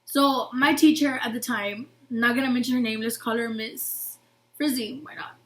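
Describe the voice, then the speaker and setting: Casting: young woman, high-pitched, casual storytime vlogger, animated and filler-heavy. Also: normal speed, a little hiss or hum. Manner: animated, acts out quotes with many "like" fillers.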